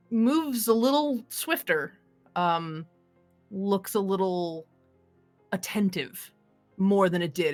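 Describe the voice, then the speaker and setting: A woman's voice: fairly low pitch, fairly bright tone. A woman narrating a tabletop game as game master, rambling with many fillers and restarts.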